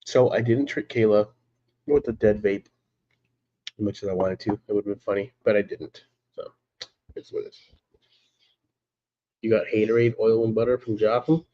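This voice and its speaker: A man's voice: on the low side, moderate pace, pauses often, lo-fi sound. A man hosting a casual live stream, chatting in a laid-back way, greeting viewers by name and laughing often.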